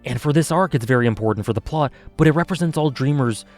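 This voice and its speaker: An earnest man talking through a story in a video review, passionate and heartfelt. His voice sits at an ordinary middle pitch, with faint music underneath. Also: fast talker, darkish tone. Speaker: anime reviewer.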